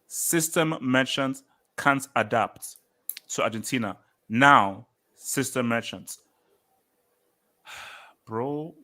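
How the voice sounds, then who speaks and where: An animated British man hosting a football talk stream and arguing with his chat. His voice has a bright, forceful edge, and he hammers his points home by repeating them. He speaks at an ordinary, mid-range pitch. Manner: emphatic, argumentative, repeats points for effect. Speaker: host of a football show reading live chat.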